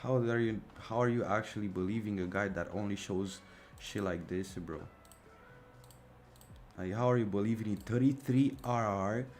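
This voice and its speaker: A young man with a fairly low voice rants on a casual live stream, sarcastic and exasperated, swearing freely and calling everyone "bro". His mic sits close at his mouth, and a faint ambient hiss runs underneath. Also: steady tone, normal speed. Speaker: livestream trading streamer. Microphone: mic right at the mouth.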